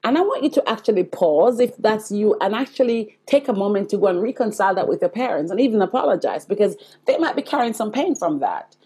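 A woman's voice: medium pitch, expressive, fast talker, few pauses, dark tone, breathy edge. A Jamaican woman in her forties, hosting a podcast and telling her own life story in an earnest, confiding way, speaking straight to her listeners. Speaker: podcast host. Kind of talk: personal storytelling monologue.

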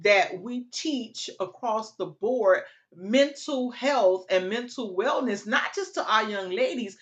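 Hosting a casual chat, a woman speaks slowly in a slightly high, animated voice, with the highs cut off in the recording. She is earnest and emphatic, thinking out loud as she works toward her point.

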